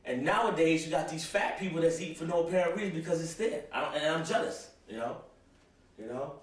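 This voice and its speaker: Young guy ranting for laughs, keeps saying you know, sounds far off from the mic in a boomy room. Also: fast, very echoey, slight background noise. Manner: rambling, full of "you know", repeats himself. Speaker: host. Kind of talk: comic rant to camera.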